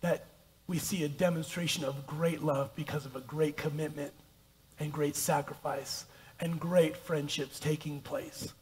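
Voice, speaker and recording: Man, high voice, pastor, casual self-deprecating sermon, reads scripture. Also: flat delivery, measured pace. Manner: conversational, self-deprecating preaching with scripture reading. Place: church sanctuary.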